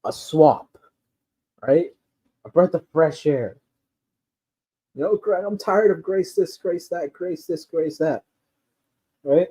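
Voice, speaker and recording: A man's voice: a little high, slow, long pauses, warm tone, husky. A man ranting casually in a rambling, profane way with lots of fillers, on a dull lo-fi recording. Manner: rambling, profane, loose delivery with frequent fillers and laughs. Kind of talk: casual rant.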